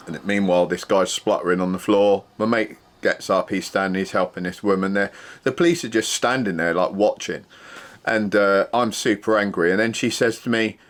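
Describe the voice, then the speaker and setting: A man's voice: fairly low pitch, moderate pace. A man, a former security worker, casually telling a true story and acting out the exchanges in it. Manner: animated retelling, acting out quoted exchanges.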